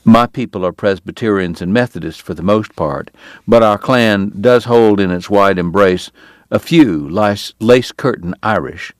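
A male audiobook narrator voicing a sardonic, sickly gentleman with a genteel drawl and cutting wit. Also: lowish voice, moderate pace, no room sound, natural voice. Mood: genteel, wry. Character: sardonic consumptive Southern gentleman, a dentist. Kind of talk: audiobook character voice.

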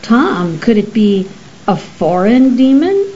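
A woman's voice: a little high, slow pace, muffled recording, a little hiss or hum. A woman reading the part of a playful, superstitious young Elizabethan wife with archaic speech. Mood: astonished. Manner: lively, archaic, gossipy.

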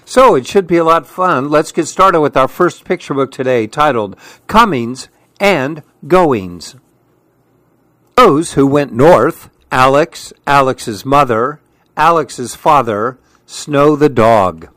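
A man hosting a radio children's story hour, reading picture books aloud in a gentle, friendly manner. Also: medium pitch, lively intonation, slow, no echo.

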